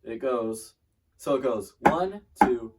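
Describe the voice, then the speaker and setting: A man's voice: mid-range voice, expressive, slow pace. Chatty man teaching drumline parts. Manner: chatty, self-deprecating, trails off mid-demonstration. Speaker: drumline instructor. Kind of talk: casual drum lesson. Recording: distant mic with loud drum music.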